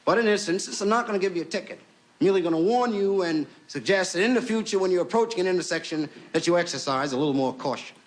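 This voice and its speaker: A man performing a stand-up comedy story, acting out the people in it with lively voices. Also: high-pitched, fast. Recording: noisy old television recording.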